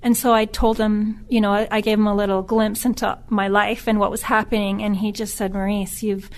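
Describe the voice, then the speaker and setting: Earnest middle-aged woman, halting telling. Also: mid-range voice, little pitch movement. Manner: halting, with frequent restarts. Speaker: podcast guest. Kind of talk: personal storytelling.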